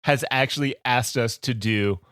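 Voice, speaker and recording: A young man co-hosting a podcast with crude, animated, laughing banter. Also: mid-range voice, moderate pace, smooth, dry recording, studio quality. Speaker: podcast co-host. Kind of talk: casual comedy podcast chat.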